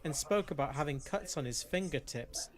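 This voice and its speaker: A man reading a documentary script as host in a dry, deadpan way. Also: on the high side, normal speed. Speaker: host narrator.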